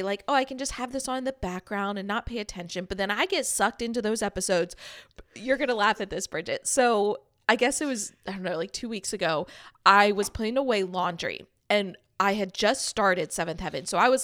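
A woman's voice: mid-range voice, dry recording. Chatty young woman, dry close sound. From Texas. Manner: chatty, laughs often, animated storytelling. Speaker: podcast co-host. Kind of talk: casual chat.

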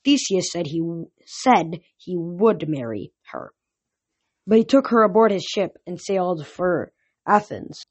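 A woman's voice: on the low side, expressive, a little slow, husky. A woman voicing a sneering, condescending male god who is bored with heroes. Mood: storytelling. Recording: dull lo-fi recording.

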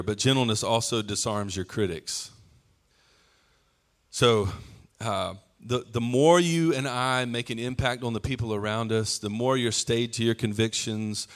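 A man preaching a sermon in a relaxed, conversational way, slipping into playful acted-out asides. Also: medium pitch.

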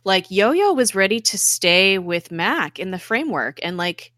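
A woman's voice: mid-range voice, very animated, a little slow, bright, forceful tone, dry recording, studio quality. A woman co-hosting a casual chat, retelling scenes animatedly and laughing often. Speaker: podcast co-host.

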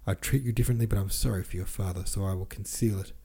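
A man voicing a stern, scolding older woman with a rough voice in an audiobook. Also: low-pitched, steady tone, fast talker, warm tone, full character voice.

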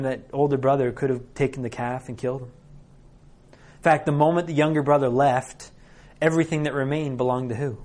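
A man's voice: medium pitch, a little mellow. A man in his thirties preaching a sermon, telling the story with rhetorical questions. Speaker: pastor.

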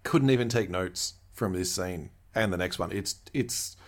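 A man's voice: sits low, a little slow, crowd noise. Enthusiastic, chuckling young man. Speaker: podcast co-host. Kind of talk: casual chat.

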